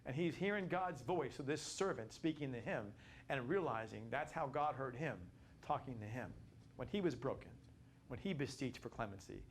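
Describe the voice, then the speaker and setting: A man teaching a Bible study class, animated and repetitive, building to emphatic peaks. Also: mid-range voice, moderate pace, slight background noise.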